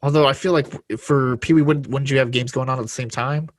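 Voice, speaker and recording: A man co-hosting a casual podcast chat, wry, often dropping low and quiet when he sums things up. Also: fairly even intonation, fairly quick, no room sound. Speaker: podcast co-host.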